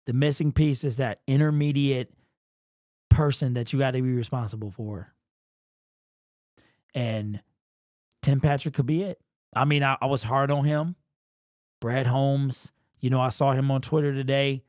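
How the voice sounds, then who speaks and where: A man's voice: medium pitch, fairly even intonation, unhurried, pauses often, darkish tone, no room sound, clean studio sound. A young man hosting a casual livestream, rambling and slangy, emotional and sniffly. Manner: rambling, repeats and restarts, slangy. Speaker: livestream host.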